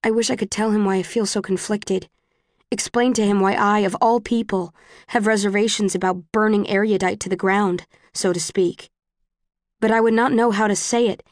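A woman reading a first-person audiobook in an even, plain storytelling voice. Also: medium pitch, moderate pace, no echo, studio quality. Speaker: audiobook narrator.

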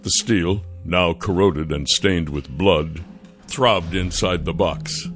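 A male narrator reads a fantasy audiobook in a low voice. His storytelling is measured and steady, and faint music runs beneath it.

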